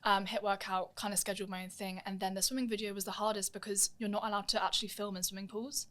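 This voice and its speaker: A woman's voice: mid-range voice, level tone, fast talker, fairly bright tone. A young woman telling stories in a casual interview, acting out the voices of people she quotes. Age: young adult. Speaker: guest, musical theatre performer.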